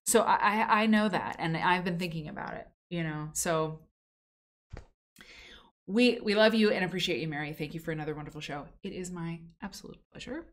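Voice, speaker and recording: A woman's voice: fairly low pitch, brisk. A woman hosting a live quilting history stream, talking in a chatty, effusive way with many restarts. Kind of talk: casual live-stream chat.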